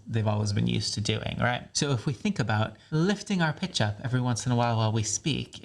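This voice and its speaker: A man with a North American accent, coaching a voice training lesson in an encouraging, playful way. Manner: encouraging, playful, demonstrates pitch lifts and counting.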